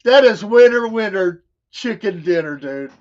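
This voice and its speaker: A laughing Southern man co-hosts a show, telling stories in casual chat and quoting others in voices. His voice sits high with lively intonation and an unhurried pace, heard through dull lo-fi sound.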